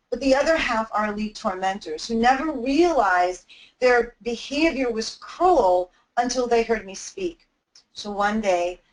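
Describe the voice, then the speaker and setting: A woman's voice: mid-range voice, rough recording. A woman giving an anti-bullying webinar talk, telling a personal story in an earnest, heartfelt way.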